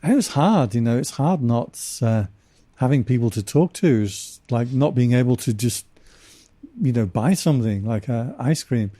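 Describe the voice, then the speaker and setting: A man from England, a monk guest on a podcast, telling anecdotes in a casual, wry way with animated asides. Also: medium pitch, normal speed, no echo. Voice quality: dry humor, animated anecdotes with laughs. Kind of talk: casual storytelling conversation.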